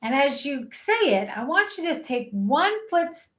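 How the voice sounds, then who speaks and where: A woman life coach leading an energetic online session, cheering people through spoken affirmations. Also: high-pitched, measured pace, roomy sound. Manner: upbeat, encouraging, leads chanted affirmations. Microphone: webcam.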